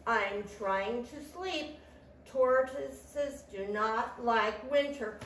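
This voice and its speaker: A woman voicing a grumpy, sleepy male tortoise who grumbles slowly, in an echoey room. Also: fairly high pitch, a little hiss or hum. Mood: grumbling. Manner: slow grumbling complaint. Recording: echoey room, mic at a distance.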